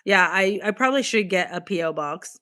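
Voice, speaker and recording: A woman's voice: medium pitch, expressive, a little fast, fairly bright tone. Young woman, casual livestream chat, laughs a lot, swears casually, chatty. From Boston, USA. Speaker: livestream host.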